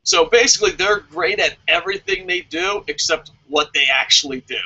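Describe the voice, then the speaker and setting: A man hosting a wrestling question-and-answer vlog, talking in an animated, sarcastic way and swearing freely. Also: high voice, moderate pace, lo-fi sound. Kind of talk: casual opinionated commentary.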